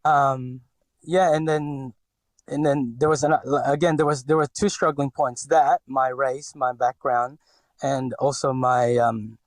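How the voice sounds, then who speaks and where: A man's voice: medium pitch, fairly even intonation, measured pace, dry recording. A man in his forties from the Philippines with a light Filipino accent, talking as a podcast guest in a hesitant way with many fillers and restarts. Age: 40s. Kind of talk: podcast interview.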